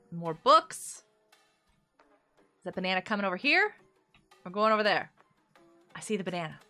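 Bubbly high-voiced woman streamer, giggly. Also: bright, forceful tone. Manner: bubbly, giggly, often panicked; talks to chat viewers by name. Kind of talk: live game commentary with viewers.

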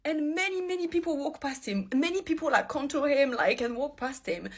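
A woman's voice: high voice, fairly quick. A woman telling a personal story to camera in an agitated, rambling way.

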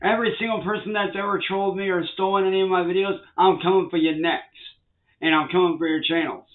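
A man's voice: high voice, steady tone, fast. Angry ranting man, tinny sound. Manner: profane, threatening, repeats warnings. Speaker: vlogger. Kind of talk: angry rant to the camera.

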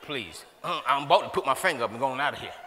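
A man voicing a bored churchgoer who can't wait to leave, in a low mutter. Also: animated, fast talker, bright, forceful tone. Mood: grumbling.

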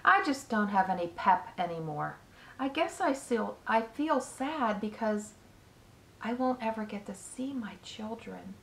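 A woman voicing a wise, gentle female spider who talks slowly and calmly in a storybook reading. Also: medium pitch, heavily acted. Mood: sad. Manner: slow, calm, measured. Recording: echoey room.

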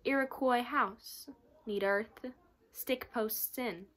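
A woman reading aloud, voicing a proud warrior man who speaks slowly in short, blunt, broken phrases. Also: a little high.

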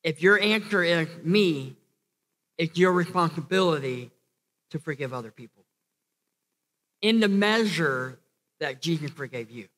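A male pastor delivers a sermon in an earnest, insistent way, restarting phrases and climbing to emphatic peaks. His voice sits high and sounds bright and forceful. A long reverb from the church hall trails after each line. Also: expressive, unhurried, pauses often.

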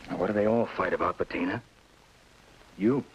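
An actor playing a bitter frontier husband who speaks bluntly and sarcastically. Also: male voice, low voice, a little fast, lo-fi sound, slight background noise.

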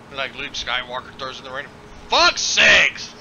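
A man hosting a casual gaming voice chat who jokes around and makes silly noises. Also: mid-range voice. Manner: joking, playful, does silly sound effects. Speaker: gaming channel host. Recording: noisy voice chat background.

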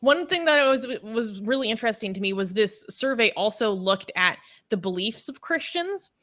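Bright-voiced woman co-hosting a chat show. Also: on the high side, expressive, normal speed. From Scottish and Irish ancestry, raised elsewhere. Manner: chatty, laughs often, reads out statistics. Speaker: co-host. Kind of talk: casual chat reading news and comments.

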